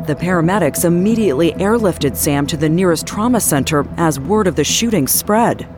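A woman giving measured, dramatic scripted narration for a true-crime program. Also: on the low side, expressive. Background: music.

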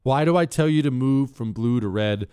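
A man's voice: mid-range voice, normal speed, very noisy. A man hosting a talk show, ranting in a sarcastic, exasperated monologue.

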